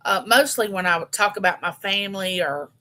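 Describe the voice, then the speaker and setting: Bright-voiced woman in her fifties. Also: medium pitch, brisk. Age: 50s. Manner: chatty, homey, talks straight to her viewers. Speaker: live-stream host. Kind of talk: casual live chat with viewers.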